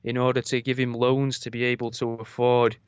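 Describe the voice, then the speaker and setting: A man co-hosting a podcast, telling stories in a rambling, deadpan, casual way. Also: medium pitch, a little fast, smooth, dry recording, muffled recording. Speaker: podcast co-host. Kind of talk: casual comedic chat.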